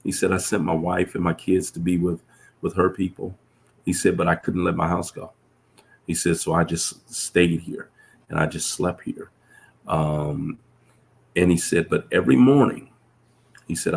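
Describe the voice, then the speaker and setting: A man, a professor, telling reflective stories in a casual conversation, earnest and full of restarts. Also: a little hiss or hum. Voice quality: deep gravelly voice. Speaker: professor, guest.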